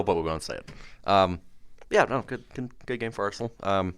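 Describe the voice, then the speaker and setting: Low voiced guy on a soccer pod, bouncy intonation, teasing the others n moving things along. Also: lively intonation, brisk, a bit bright, clear, resonant tone. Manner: playful, teasing, steering the show. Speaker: podcast co-host. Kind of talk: casual sports chat.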